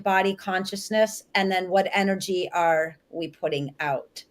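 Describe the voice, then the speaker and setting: Earnest woman asking long questions. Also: medium pitch. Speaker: co-host. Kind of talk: interview questions.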